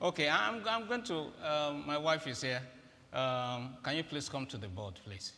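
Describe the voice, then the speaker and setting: With a slightly high voice at normal speed, a male guest preacher leads volunteers on stage during a funny, interactive sermon in a large auditorium. The background is noisy, and the hall is echoey with faint ambience.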